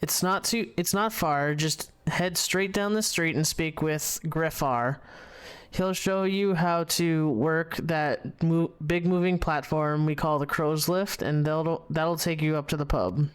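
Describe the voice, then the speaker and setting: A man's voice: on the high side, slow, smooth. A man reading as a friendly guide giving directions. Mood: instructive. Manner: reads the game text aloud with small restarts. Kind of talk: reading video game dialogue aloud.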